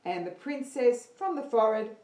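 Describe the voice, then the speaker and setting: An upbeat woman leads an online singing class and counts her students in. Her pitch moves a lot as she talks. Her voice echoes around a roomy space. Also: very animated, moderate pace, darkish tone. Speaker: singing teacher. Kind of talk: online singing lesson livestream.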